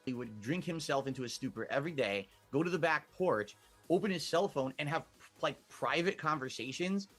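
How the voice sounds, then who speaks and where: A man as an interview guest, telling a story in an animated, exasperated way and acting out what people said. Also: on the high side, fairly quick, faint music behind. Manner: animated, acts out quotes, exasperated.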